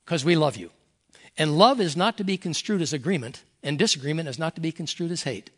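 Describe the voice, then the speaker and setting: A man's voice: fairly high pitch, expressive, brisk. An older man, a pastor emeritus, preaching a folksy, earnest sermon and reading scripture aloud.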